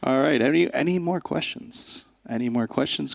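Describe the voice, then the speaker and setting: Male event moderator; gravelly, dry-miked, upbeat and joking. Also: mid-range voice, moderate pace, no echo. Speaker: stage moderator. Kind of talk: auctioneer-style moderating.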